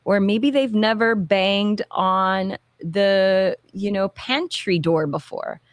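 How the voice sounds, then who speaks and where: Woman explaining therapy stuff, lively, does little voices for parents and kids, dry sound. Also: medium pitch, takes it slowly, smooth, dry recording. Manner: animated, acts out parents and children in quotes. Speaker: behavior therapy clinic founder. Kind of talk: explanatory talk-show chat.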